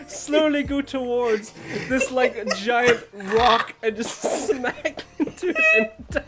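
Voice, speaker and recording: A man's voice: very high-pitched, sing-song, a little slow, hardly any pauses, background noise. A man co-hosting a casual podcast, telling gaming stories in a rambling way and laughing often. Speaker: podcast co-host. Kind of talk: casual storytelling chat.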